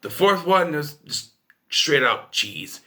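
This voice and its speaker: Man, casual film review, rambling, opinionated, bouncy pitch, slightly high voice. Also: very animated, slow pace, pushed and bright.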